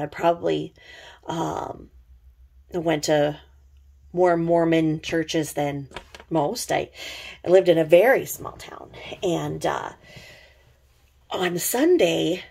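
A woman's voice: on the low side, vocal fry, darkish tone, slightly rough. A middle-aged woman with a slightly sore throat, rambling in casual, sarcastic commentary full of fillers. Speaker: commentary vlogger.

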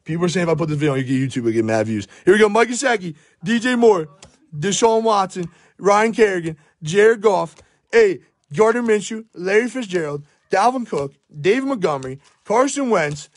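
A young man with a hoarse, worn-out voice, frantically narrating a card pack opening at home, swearing and shouting in disbelief while filming on his phone. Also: high voice, lively intonation, moderate pace. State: hoarse, voice shot. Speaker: sports card pack breaker. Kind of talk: hyped live pack-opening commentary. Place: at home by a table.

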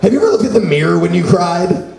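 Stand-up comic, male, slightly high voice, rambling and loose with lots of fillers; echoey room, audience audible. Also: sing-song, fast, creaky, a crowd in the background. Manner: rambling, filler-heavy delivery. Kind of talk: stand-up comedy set. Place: small comedy venue with an audience.

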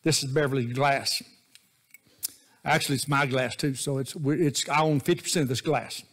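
A man's voice: mid-range voice, fairly even intonation, moderate pace, fairly bright tone. A man preaching a sermon as associate pastor, in a folksy, joking, conversational way.

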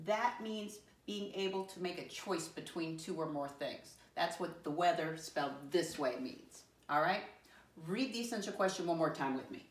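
Female grade-school teacher with a fairly low, patient voice, recorded in a roomy classroom from a distance. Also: animated. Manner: encouraging, slow and clear, spells words letter by letter. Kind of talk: classroom lesson to young children. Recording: roomy sound from a distant mic.

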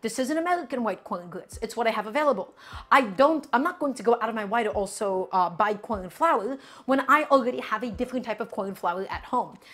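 A woman's voice: fairly high pitch, expressive, brisk. A woman from Brooklyn, hosting a live cooking stream from her home kitchen and chatting with viewers as she works. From Brooklyn, New York. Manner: chatty, talks to chat as "guys" while cooking.

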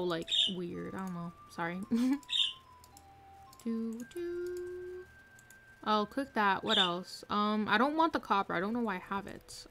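With a sharp tone and medium pitch, a woman gives casual commentary while streaming a game live, muttering to herself, reading chat and giggling frequently. The recording carries faint noise along with mouse clicks and typing.

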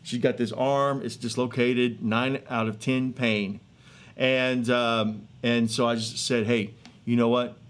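A man in his thirties or forties, a street evangelist telling a healing testimony in an earnest, excitable way with many fillers and restarts, outdoors in a neighborhood. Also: medium pitch, takes it slowly. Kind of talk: animated testimony storytelling.

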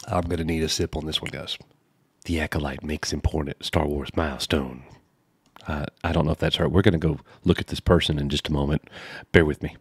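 A man's voice: fairly low pitch, no echo, clean studio sound. A man hosting a commentary channel, reading a news article aloud and breaking in with sarcastic asides and sighs.

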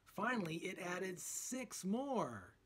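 Expressive male storybook reader, unhurried with a breathy edge. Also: sits high. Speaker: children's book reader. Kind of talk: reading a picture book aloud.

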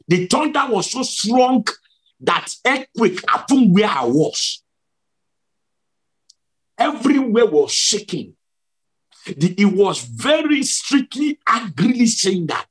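A man's voice: sits high, slightly rough. A male preacher giving a sermon testimony, telling his story emphatically and repeating key words for drama.

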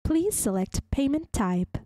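A woman voicing a supermarket self-checkout machine in a flat, measured announcer tone. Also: high voice, no echo, clean studio sound, exaggerated voice. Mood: prompting.

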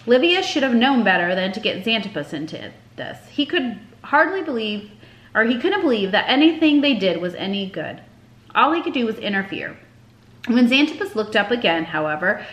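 A woman narrating a children's chapter book aloud with expressive storytelling. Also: medium pitch. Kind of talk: audiobook narration. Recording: echoey room.

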